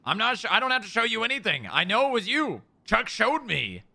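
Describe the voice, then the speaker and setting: A man in an in-character roleplay presses his questions again and again. His voice is very bright and forceful, with a gravelly edge. His pitch sits on the high side and swings widely. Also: sing-song, a little fast. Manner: insistent, repetitive interrogating. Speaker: roleplay streamer playing an officer.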